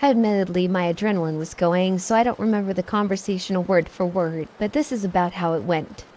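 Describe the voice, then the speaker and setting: Low-voiced woman narrating a scary story. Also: fairly quick, dull audio, a little hiss or hum. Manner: steady, matter-of-fact first-person telling. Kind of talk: scripted horror story narration.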